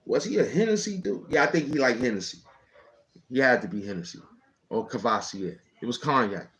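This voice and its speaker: A man's voice: medium pitch, animated, fairly quick, fairly bright tone, rough recording. A man casually telling a personal story in rambling street slang, often checking in with "you know what I'm saying".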